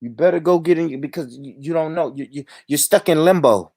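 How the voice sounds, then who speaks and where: A man's voice: fairly high pitch, brisk, darkish tone, no room sound, clean studio sound. A man hosting a livestream, ranting in a heated, profane, repetitive way. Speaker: livestream host.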